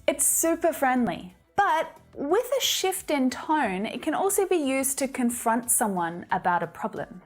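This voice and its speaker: An Australian-accented woman with a somewhat high voice explains things in a bright, upbeat teaching tone. She delivers a scripted lesson with soft background music. Her tone is friendly and clear throughout. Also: very animated, unhurried, hardly any pauses. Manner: upbeat and explanatory, with light laughs. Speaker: English teacher.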